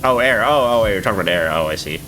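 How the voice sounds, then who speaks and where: A man's voice: on the low side, sharp tone. A man streaming live, chatting casually with viewers in a rambling, swearing way with lots of filler words.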